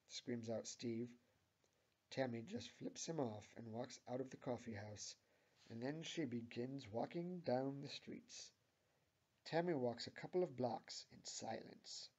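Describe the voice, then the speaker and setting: A man giving a deadpan, mock-serious amateur reading of a fan fiction story. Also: mid-range voice, measured pace, breathy edge, dull audio.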